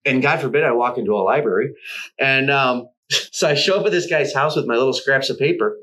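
A man's voice: mid-range voice, a little fast, a bit bright, low-quality recording. A middle-aged man, a guest artist, telling long anecdotes in a casual interview, swearing and laughing often.

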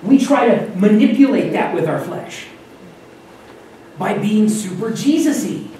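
A pastor from Wyoming and North Dakota, talking through an informal sermon in a loose, conversational way that often circles back and restarts. His voice booms around a very echoey room, picked up from well away from the mic. A faint hiss of noise sits underneath. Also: expressive, measured pace, mellow, recorded from a distance. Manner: conversational, self-interrupting, acts out quotes.

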